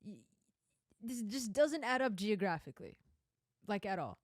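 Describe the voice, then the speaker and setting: A young woman streamer giving casual reaction commentary on film clips, animated and emphatic, with frequent asides. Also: medium pitch, moderate pace, no echo, studio quality.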